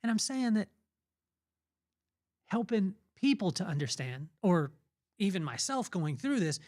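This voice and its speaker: Male podcast host, middle-aged, earnest and preachy, telling stories off the cuff, bit of a higher voice. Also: very animated, unhurried, a little mellow, dry recording, clean studio sound. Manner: earnest, preachy, spontaneous storytelling. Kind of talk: motivational faith talk.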